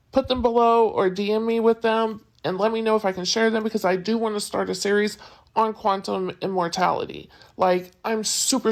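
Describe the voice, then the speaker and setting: A woman hosting a show about viral videos, speaking enthusiastically and addressing her viewers directly. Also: medium pitch. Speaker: host reacting to viral videos. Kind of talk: casual commentary to viewers.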